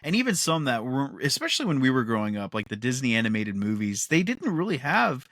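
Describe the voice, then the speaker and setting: A man's voice: medium pitch, sing-song, brisk, a bit bright, dry recording. Rambling, enthusiastic man, dry sound. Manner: rambling and enthusiastic, often laughing. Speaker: podcast co-host. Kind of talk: casual podcast chat.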